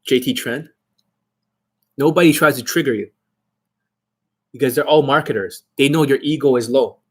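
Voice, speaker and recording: A man's voice: medium pitch, normal speed. A man working as a dating coach, ranting aggressively and profanely on a livestream.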